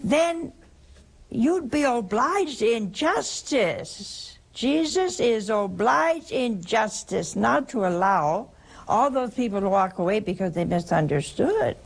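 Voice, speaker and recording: An older woman hosting a religious call-in show, answering a caller with slow, emphatic explanation and repeated key phrases. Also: on the high side, sing-song, creaky. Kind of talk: preaching call-in radio answer.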